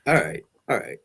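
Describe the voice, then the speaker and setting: Chatty man who laughs a lot. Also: a bit bright. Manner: laughs often, loose and chatty. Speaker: interviewer. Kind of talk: casual chat.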